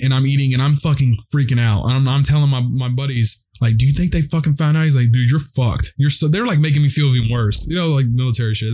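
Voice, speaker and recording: A young man tells a loose, rambling story to his friends, full of fillers and swearing. His voice sits at an ordinary middle pitch and he talks casually and unhurried. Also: darkish tone. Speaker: guest telling a story.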